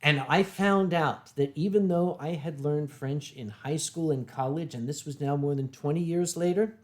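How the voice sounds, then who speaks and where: A middle-aged man hosting a casual stream, telling wry, drawn-out anecdotes with deadpan punchlines. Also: fairly high pitch. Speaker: streamer host. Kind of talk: casual storytelling chat.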